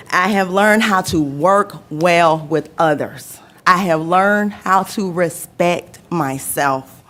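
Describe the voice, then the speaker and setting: Slow-talking woman, emotional. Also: fairly low pitch, a bit bright. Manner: emotional, laughing between words, repeating phrases. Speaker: public commenter, recovery home resident. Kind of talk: personal testimony at a public meeting.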